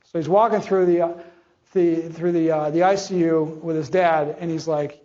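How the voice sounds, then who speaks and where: A man's voice: a little high, steady tone, moderate pace, mellow. A middle-aged man giving a conversational conference presentation. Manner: conversational, acts out quoted dialogue. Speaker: conference speaker. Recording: dull lo-fi audio.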